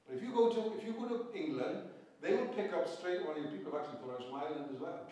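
A man's voice: on the high side, lively intonation, very fast, crowd noise. Man preaching, Pembrokeshire Welsh accent, echoey church. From Pembrokeshire, Wales. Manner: earnest, with rhetorical questions and repeated phrases. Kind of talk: evening sermon. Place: church hall. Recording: very echoey church, distant mic.

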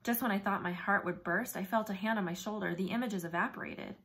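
A woman reading a novel aloud in first person, with brisk, vivid storytelling. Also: mid-range voice, fairly bright tone. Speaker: audiobook narrator.

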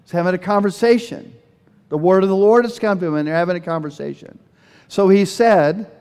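A man preaching a sermon as pastor, telling Bible stories in an animated way and acting out the speakers he quotes. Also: sits high, fairly quick, smooth. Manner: animated storytelling, voices quoted speakers with bursts of energy. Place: church sanctuary. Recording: long hall reverb.

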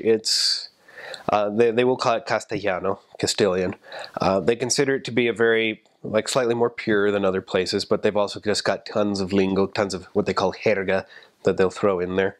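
A man's voice: fairly low pitch, a little fast. A young man, a returned missionary, giving chatty, casual advice and laughing at his own stories.

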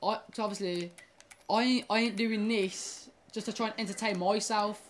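A young woman chats casually to her audience while she plays. She stumbles and restarts sentences and curses at the game. Her voice sits at a middle pitch, with faint background noise. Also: fairly even intonation, normal speed. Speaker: gaming YouTuber. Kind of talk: casual gaming commentary.

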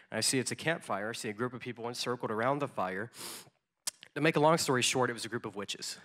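A man's voice: medium pitch, fast talker, bright, forceful tone. A man preaching in a storytelling way, conversational, with frequent ums and repeated words. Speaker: conference speaker. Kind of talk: storytelling sermon.

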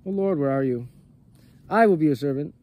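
A man's voice: on the high side, a little fast, mellow, lightly acted. A man voicing a humble, devoted male shepherd, earnest and pleading in his lines.

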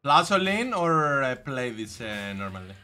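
A man giving live gameplay commentary, reacting excitably and shouting at times. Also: medium pitch, measured pace. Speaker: gameplay streamer.

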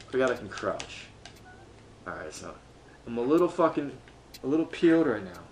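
This man narrates his own gameplay at a normal speed, swearing constantly and talking to himself in frustration. His lively pitch lurches from mutters to yells, and there's a slight hiss or hum in the background. He's a gameplay streamer.

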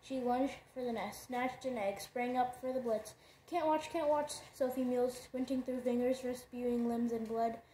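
A woman reads a novel aloud in a fairly high but mellow voice, stumbling over words now and then and correcting herself. Her reading has a steady, plain delivery. The sound carries an echoey room around her. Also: normal speed, hardly any pauses, slight background noise. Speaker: reader.

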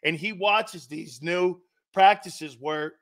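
A man's voice: sits high, takes it slowly. A man hosting a sports talk show, chatting enthusiastically with a guest and laughing along.

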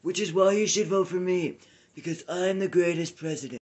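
A man acting out a boastful older ex-president, voiced well above the performer's own pitch. He brags about himself nonstop and keeps mixing up names mid-sentence. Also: normal speed, darkish tone, natural voice. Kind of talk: comedic impression sketch.

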